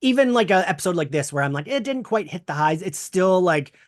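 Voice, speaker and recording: A man hosting a casual podcast chat, talking in a rambling, animated way with lots of fillers. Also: high voice, brisk, dry recording, clean studio sound. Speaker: podcast host.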